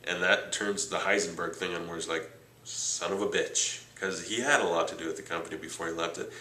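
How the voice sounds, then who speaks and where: A man reviewing a TV series in casual chat, retelling the plot excitedly and saying "like" a lot. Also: sits low, fast talker, echoey room, slight background noise, rough recording. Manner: chatty, excitable recapping with lots of "like". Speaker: TV show reviewer.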